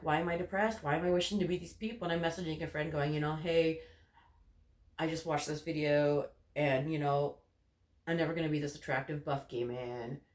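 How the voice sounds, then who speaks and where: A young man vlogging from his bedroom in a candid, rambling way, full of "like" and "you know". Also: on the high side. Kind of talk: casual personal ramble to camera. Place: bedroom corner. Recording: roomy bedroom echo.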